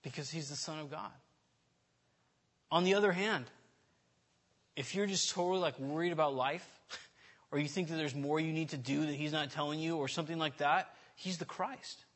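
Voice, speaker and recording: A man's voice: a little high, normal speed, pauses often, a bit bright. A man giving an informal sermon in a candid, self-deprecating, conversational way, often restarting his sentences. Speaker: preacher.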